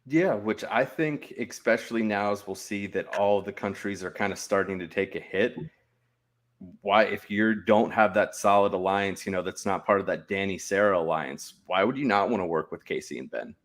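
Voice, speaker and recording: Low-voiced relaxed male co-host. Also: normal speed. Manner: relaxed, brief agreeing replies. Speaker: after-show co-host. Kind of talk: casual recap chat.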